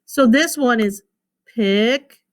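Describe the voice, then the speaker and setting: A woman's voice: a little high, a bit bright. Patient woman teacher sounding out syllables. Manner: patient, repeats words slowly, sounds out syllables. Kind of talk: recorded phonics lesson for children.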